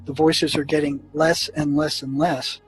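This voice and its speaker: A man with a slightly raised voice recounts his years as a prison therapist. His telling is earnest and halting, full of restarts and fillers. Faint music plays underneath. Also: on the high side, little pitch movement, rough recording. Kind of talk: storytelling recollection.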